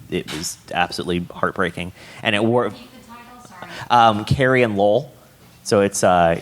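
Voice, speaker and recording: A man writer speaking on a panel, rambling and halting, often restarting his sentences. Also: low-pitched. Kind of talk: casual panel talk.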